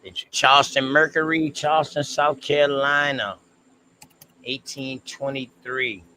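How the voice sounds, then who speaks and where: A man co-hosting a casual history discussion stream, talking in a laid-back, slangy, drawn-out way. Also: medium pitch, fairly even intonation, sharp tone, slight background noise, low-quality recording. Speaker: co-host.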